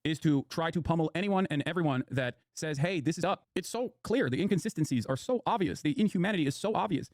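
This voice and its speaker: A young man streams and reacts to the news in a rapid, sarcastic, heated rant, swearing freely. His voice sits a little high for a man. The recording is dry and close. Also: lively intonation, a little mellow, no room sound. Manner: sarcastic, fast-talking, profane, heated. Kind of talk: casual live commentary while gaming.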